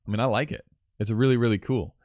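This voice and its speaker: A man's voice: mid-range voice, steady tone, quick pace, a little mellow, dry recording, clean studio sound. A man on a live stream, breaking down film shots in a loose, enthusiastic way, swearing now and then and restarting his sentences. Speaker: cinematographer teaching on a live stream. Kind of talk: casual live-stream critique.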